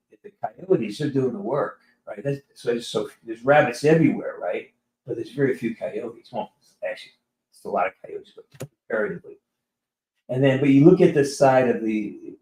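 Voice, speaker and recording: A man talks casually to his stream audience, rambling and restarting as he tells an animated story. His voice sits in a middle register. The sound is roomy, with a clear echo around him. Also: mid-range voice. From California. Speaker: live stream host. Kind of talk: casual live-stream chat.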